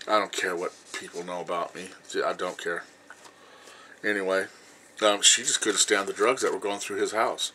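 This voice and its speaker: A man in his fifties telling a personal story to his viewers in a blunt, rambling way, swearing freely and filling pauses with "you know". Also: deep voice, steady tone, bright, forceful tone, slight background noise, low-quality recording. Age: 50s. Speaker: vlogger.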